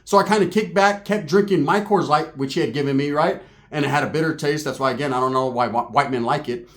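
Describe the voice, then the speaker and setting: A man's voice: fairly high pitch, fast talker. A man casually telling profane stories about prison and gang life in street slang, often tagging his lines with "right?".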